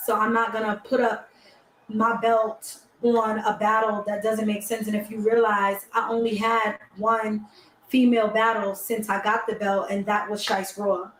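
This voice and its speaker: A woman's voice: on the high side, fairly bright tone. A woman in her twenties, a battle rapper, chatting bluntly and casually in slang during an interview. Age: 20s. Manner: blunt, slangy, talks over others. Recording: echoey room with faint noise.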